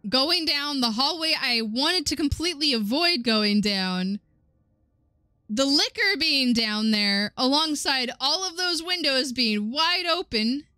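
A young woman giving excitable, swearing let's-play commentary on a horror game, laughing often and chatting with her viewers. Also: high voice, slow pace, no room sound. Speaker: gaming streamer.

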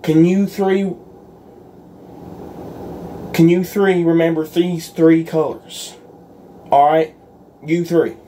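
A man's voice: fairly high pitch, level tone, slow, long pauses, mellow, a little hiss or hum. A man doing a solo roleplay in a folksy, earnest and pleading way, as if talking to a gang of friends. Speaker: roleplay creator.

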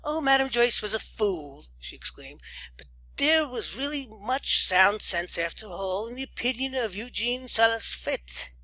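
A man's voice: high-pitched, pushed and bright, dry recording, full character voice, low-quality recording. A man voicing an eccentric young lady who speaks in a raised, lilting voice.

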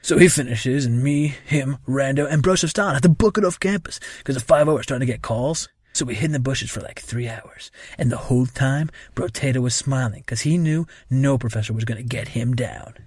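A man's voice: mid-range voice, brisk, few pauses, darkish tone, husky, no room sound, clean studio sound. A man performing a comic sketch as a crude, swaggering frat bro giving a eulogy.

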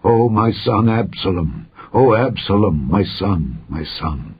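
A man's voice: on the low side, fast, husky, highs cut off. A man voicing a grieving old king. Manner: broken, trailing into a whisper in grief. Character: grieving aged king mourning his son.

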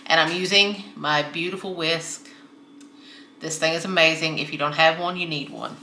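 A woman's voice: low-pitched, fairly even intonation, moderate pace, sharp tone, echoey room, slight background noise. A woman hosting a home cooking tutorial from her kitchen, talking in a friendly, chatty way while she mixes ingredients. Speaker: cooking channel host.

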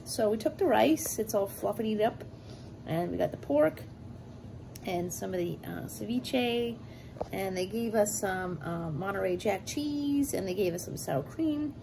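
A woman in her thirties talks unhurriedly through a home cooking session, playful and chatty, with cutesy made-up words. Steady noise hums behind her in the kitchen, and she paces her words slowly. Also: mid-range voice, vocal fry. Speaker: cooking vlogger. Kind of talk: casual cooking chat and eating.

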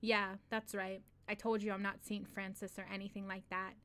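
A woman's voice: medium pitch, flat delivery, normal speed, a bit bright. A woman reads a short story aloud for a read-along, settling into the loose, street-wise drawl of its first-person narrator. Her voice sits mid-range, and she breaks off now and then for casual asides, laughing and swearing. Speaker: host reading a short story collection aloud.

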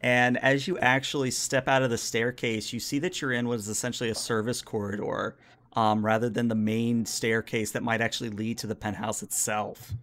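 A man guiding players through a tabletop role-playing session as game master. He talks in a relaxed, rambling way, scattering filler words as he describes the scene. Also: mid-range voice, moderate pace.

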